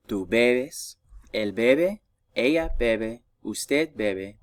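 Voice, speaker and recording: A man's voice: medium pitch, slow pace, far from the mic. A man teaching a recorded Spanish grammar lesson, patiently drilling verb conjugations for his students to repeat.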